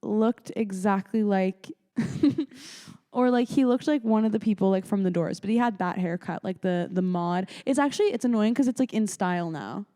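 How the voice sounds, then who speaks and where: A woman's voice: medium pitch, normal speed, warm tone, in a large hall. A young woman co-hosting a podcast, telling dating stories in chatty casual talk full of fillers. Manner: chatty storytelling, lots of fillers. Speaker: podcast co-host. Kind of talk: casual chat.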